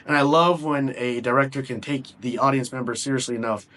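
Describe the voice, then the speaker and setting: A man's voice: medium pitch, steady tone, fairly quick, fairly bright tone. A young man giving a casual film review, rambling and enthusiastic with lots of fillers and restarts. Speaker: movie reviewer.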